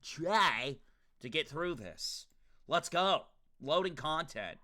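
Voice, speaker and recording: A man's voice: a little high, lively intonation, slow pace, pushed and bright. A young man streaming, chatting casually and profanely with his viewers, joking loosely between rambles. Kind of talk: casual livestream chat to viewers.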